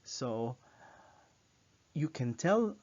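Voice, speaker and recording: A man from the Philippines gives a language lesson at a very unhurried pace, repeating each word several times. His mid-pitched voice comes through a muffled, lo-fi recording. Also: big pitch swings, darkish tone. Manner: patient, repeats words for practice. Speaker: language teacher. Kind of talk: slow spoken lesson. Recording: dull lo-fi recording.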